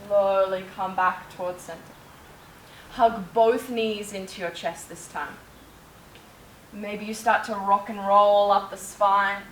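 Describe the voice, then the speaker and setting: Yoga teacher woman, calm breath cues, roomy echo. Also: mid-range voice, slow, far from the mic, slight background noise. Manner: calm, cueing breath and movement step by step. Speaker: yoga instructor. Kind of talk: guided yoga class instruction. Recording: echoey room, faint ambience.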